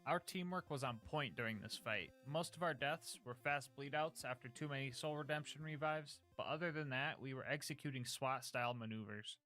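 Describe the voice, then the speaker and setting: A man's voice: medium pitch, a little fast, few pauses, sharp tone, soft background music. A man narrating a scripted gameplay recap of a challenge run in a jokey, upbeat, slangy way.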